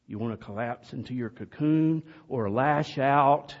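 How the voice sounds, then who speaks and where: Slow-preaching man in a reverberant church. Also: medium pitch. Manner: slow, earnest preaching with sudden loud calls. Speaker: pastor. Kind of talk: sermon. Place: church sanctuary. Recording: dull, distant sound in a reverberant hall.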